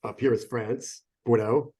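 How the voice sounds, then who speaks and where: A man's voice: medium pitch, fairly even intonation, measured pace, mellow, slightly rough. A middle-aged American man, a sommelier, explaining things in a casual, enthusiastic way. He often goes off on tangents and breaks off mid-sentence. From United States. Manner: enthusiastic, digressive, self-interrupting. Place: phone or remote call.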